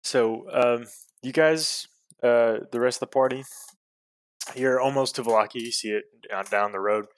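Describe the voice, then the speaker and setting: Male game master, hesitant narration, mid pitch, dry close sound. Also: steady tone, moderate pace, no room sound. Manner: hesitant, many fillers.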